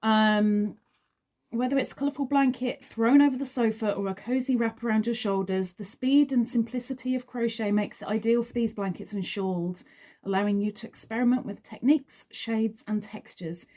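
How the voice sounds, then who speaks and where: A woman's voice: on the high side, mellow. A woman reviewing a crochet magazine, reading bits aloud and wandering into chatty asides. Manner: chatty, trails off into asides, unhurried. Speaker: crochet vlogger.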